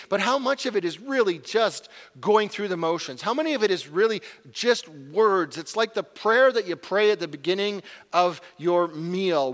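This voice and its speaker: Male pastor in his 40s, earnest sermon, fairly high voice, long hall reverb. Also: fairly bright tone. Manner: earnest, confessional, rising to urgent.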